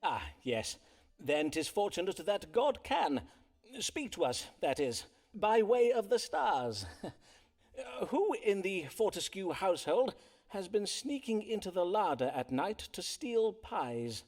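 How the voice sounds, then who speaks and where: A tactful old-english astrologer doctor, lively sing-song delivery, kinda high, game voice. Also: male voice, slow pace, heavily acted. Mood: courteous. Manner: polite, archaic phrasing. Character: courteous male Elizabethan astrologer-physician, smooth and tactful. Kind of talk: game voice acting.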